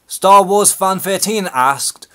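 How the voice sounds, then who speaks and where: A man's voice: sits high, slow, a bit bright. A man from Liverpool with a Scouse accent, hosting a live-stream Q&A and speaking in a nervous, hesitant, unscripted way. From Liverpool, England. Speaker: YouTube channel host.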